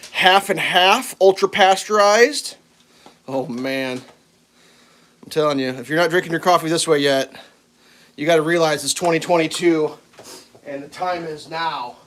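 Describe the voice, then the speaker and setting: Chatty man cooking breakfast on a livestream. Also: fairly high pitch. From central United States. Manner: rambling, chatty, talks to viewers and his dog. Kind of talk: casual live-stream chat while cooking. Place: home kitchen.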